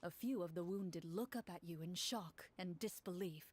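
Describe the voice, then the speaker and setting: A woman serving as game master, narrating a tabletop role-play in a measured, descriptive way. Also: fairly low pitch, heavy background noise.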